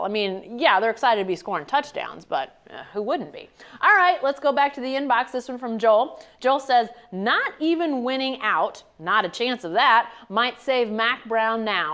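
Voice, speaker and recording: A woman's voice: fairly high pitch, fairly bright tone. A woman co-hosting a casual sports talk show, reading listener questions and answering in a conversational way.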